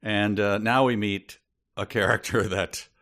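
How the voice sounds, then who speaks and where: Male co-host, low-pitched, joking casual talker, restarts a lot. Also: fairly even intonation, unhurried, fairly bright tone. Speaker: podcast co-host. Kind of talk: casual chat.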